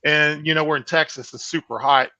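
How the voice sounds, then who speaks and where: A man with a bright, forceful and fairly high voice tells lively behind-the-scenes stories over a video call. He swears freely and fills his talk with "uh" and "you know." The call audio is dry and a little muffled. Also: brisk, no room sound. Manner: animated, swears freely, many fillers. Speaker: horror film director, guest. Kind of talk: casual anecdotal storytelling.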